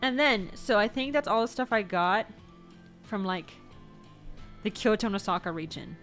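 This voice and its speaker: Expressive and a bit bright, her mid-range voice moves at a normal pace with faint music underneath. The American VTuber talks casually through things she bought, rambling and revising as she goes, with an odd curse thrown in.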